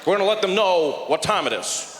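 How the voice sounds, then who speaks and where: A man doing an impression of a president who makes loud, emphatic promises, with halting speech and filler ums. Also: sits high, lively intonation. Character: president making loud tough promises, then backpedaling. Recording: echoey hall with background noise.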